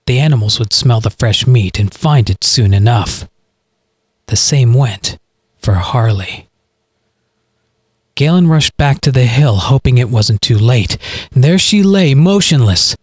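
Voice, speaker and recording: A man narrating his own audio story with dramatic, expressive storytelling. His pitch moves in a lively, animated way, and his voice has a slightly husky grain. The recording is close and dry. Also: no echo. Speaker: podcast author and narrator.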